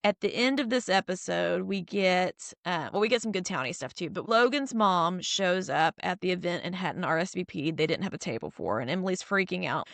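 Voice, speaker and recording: A woman recaps TV episodes in an easygoing, animated way, slipping in little performed lines. Her voice has a noticeable vocal fry. The sound is dry, with no room around it. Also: fairly low pitch, brisk, hardly any pauses, no room sound. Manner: animated storytelling, acting out quoted lines. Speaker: podcast host. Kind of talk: casual chat recapping episodes.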